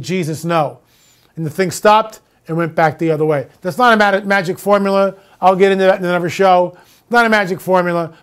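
A man hosting his own show, ranting with indignant repeated questions and then slowly building a story. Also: sits high. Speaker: show host. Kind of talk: monologue to viewers.

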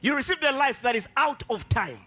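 A man preaching a sermon with impassioned, sing-song delivery, repeating his phrases and rising to shouts. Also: very high-pitched, lively intonation, brisk, slightly rough.

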